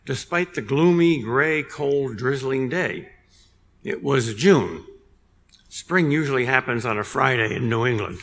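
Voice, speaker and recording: An older man giving a public lecture, telling a story in a measured way with dry humor. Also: mid-range voice, expressive, a bit bright. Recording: long reverb in a large hall.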